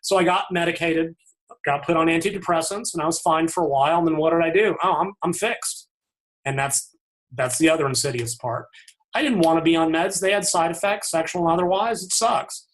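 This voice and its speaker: In a candid podcast interview, a man who writes about fitness speaks fairly quickly in a slightly high voice. He is open and reflective, and his casual sentences frequently start over.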